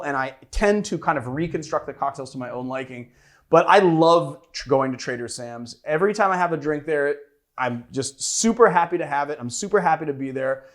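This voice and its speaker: A man hosting a cocktail show in casual chat, playfully teasing his co-host. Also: a little high.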